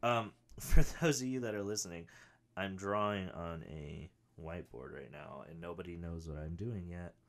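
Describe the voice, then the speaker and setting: A young man hosting a comedy podcast, rambling through a story and acting out the other people in it. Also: normal speed. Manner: animated, acts out quoted voices with big pitch jumps. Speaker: podcast host. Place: home studio with a whiteboard.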